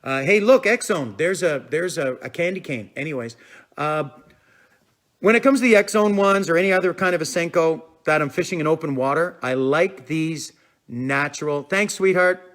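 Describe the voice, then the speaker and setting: A man's voice: a little high, moderate pace, a bit bright. A man hosting a casual live stream about fishing tips, rambling easily and answering viewer comments as he goes. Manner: chatty and rambling, with fillers like "I'm telling you" and "man"; reads out and answers viewer comments as they come in.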